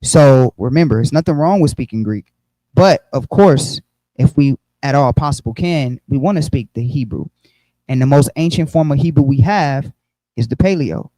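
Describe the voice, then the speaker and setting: A man's voice: medium pitch, moderate pace, warm tone, dry recording, rough recording. A man teaching a Bible lesson on a livestream, explaining step by step and checking in often with "okay?" and "right?", with frequent fillers. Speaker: religious teacher.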